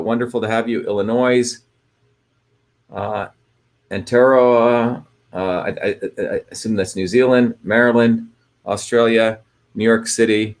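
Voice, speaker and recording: A man hosting a live online talk, greeting viewers by place and explaining ideas in a loose, rambling way with many fillers and restarts. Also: medium pitch. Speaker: livestream host. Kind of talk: casual livestream talk.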